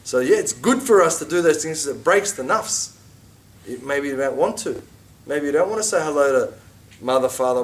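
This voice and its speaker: A middle-aged man teaching an informal religious class, chatty and animated, with asides and mock quotes. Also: fairly high pitch, recorded from a distance.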